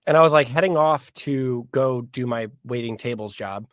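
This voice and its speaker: A man's voice: mid-range voice, normal speed, no echo, clean studio sound. A man who is a pianist and actor, telling his story in a casual interview and acting out the dialogue he quotes. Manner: animated, acts out quoted dialogue.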